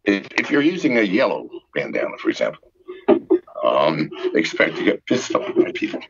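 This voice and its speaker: Husky older man ranting, lively pitch. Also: moderate pace. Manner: profane, exasperated ranting with sarcastic jokes. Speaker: podcast guest. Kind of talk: ranting call-in interview. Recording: muffled lo-fi remote line.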